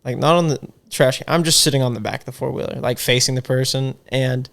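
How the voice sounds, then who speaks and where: A man's voice: medium pitch, steady tone, fast talker, gravelly, a bit bright. A young man, a podcast guest, telling rambling, profane party stories in casual chat. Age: young adult. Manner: rambling, profane, laughing storyteller. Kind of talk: casual storytelling.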